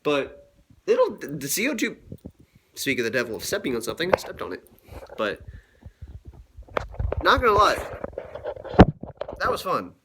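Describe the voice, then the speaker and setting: A man's voice: medium pitch, huge pitch swings, normal speed, pauses often, heavy background noise. A man vlogging in a casual, crude and joking way, cursing often. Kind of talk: casual vlog commentary.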